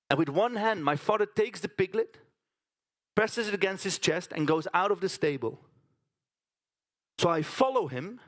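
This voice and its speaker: A man's voice: high-pitched, animated, moderate pace, long pauses, a bit bright. A man performing a theatrical storytelling monologue on a conference stage, chatting to the audience with tag questions.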